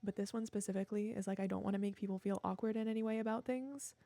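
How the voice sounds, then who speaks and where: Chatty young woman with vocal fry. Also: medium pitch, fairly even intonation, rapid-fire, warm tone, dry recording. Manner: chatty, self-mocking, laughs often. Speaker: streamer. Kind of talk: casual chat with viewers.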